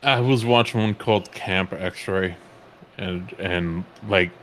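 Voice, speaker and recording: A man's voice: low voice, takes it slowly, a bit bright, slight background noise. A laid-back man chatting casually on a podcast, swearing often. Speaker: podcast co-host. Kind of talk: casual chat.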